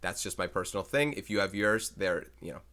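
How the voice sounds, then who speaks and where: A male math teacher talks his way through algebra problems for a recorded lesson. He chats casually and thinks aloud as he goes. His voice sits fairly low but sounds bright and forceful. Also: lively intonation, fairly quick. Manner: chatty, thinks aloud while solving problems.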